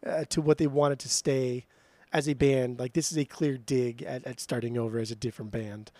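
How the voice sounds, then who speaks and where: A man's voice: fairly even intonation, normal speed, darkish tone, dry recording. A man co-hosting a music podcast, ranting in mock outrage and swearing often as he argues over album rankings. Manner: swears a lot, mock-outraged rants, mimics his co-host in a higher voice. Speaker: podcast co-host. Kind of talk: casual heated music chat.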